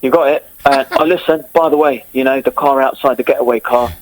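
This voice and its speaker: A man's voice: mid-range voice, steady tone, quick pace, natural voice, low-quality recording. A man playing a brash Cockney geezer planning a heist, speaking in a Cockney accent with a matey, swaggering manner. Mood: cocky. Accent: Cockney, put on.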